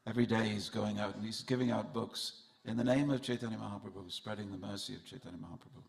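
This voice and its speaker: A man with a gravelly, lowish voice delivers a festival sermon in a temple hall at a quick pace and in a steady tone. He addresses listeners directly and weaves in funny stories.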